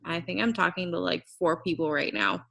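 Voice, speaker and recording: A woman's voice: fairly low pitch, a little fast, creaky, fairly bright tone, low-quality recording. A woman on a group video call talking in a hesitant way with many fillers. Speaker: team member on a call. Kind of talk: casual chat on a group call.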